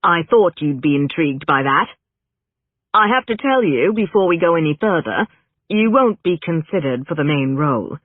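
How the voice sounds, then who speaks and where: A narrator voicing a cautious male talent agent who breaks bad news in a measured, hesitant way. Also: fairly high pitch, lively intonation, no room sound. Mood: placating. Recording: narrow phone-like band, dry.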